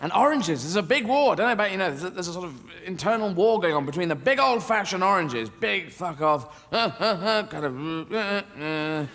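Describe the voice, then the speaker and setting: A man's voice: high-pitched, animated, a little fast, few pauses. A man doing stand-up comedy on stage, rambling through absurd tangents, swearing, and slipping into silly voices. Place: stage at a live show. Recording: live show with loud background noise.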